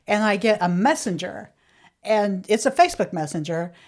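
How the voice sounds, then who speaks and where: A woman's voice: mid-range voice, animated, moderate pace, darkish tone. A woman co-hosting a podcast, telling stories in a playful casual chat and laughing often. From Florida, United States. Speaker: podcast co-host.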